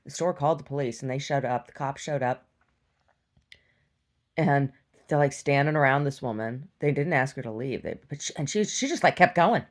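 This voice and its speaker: With a bass voice at a normal speed, a young adult woman vlogs, recounting a story in an animated, casual rant. She laughs often and shifts between loud bursts and quiet asides.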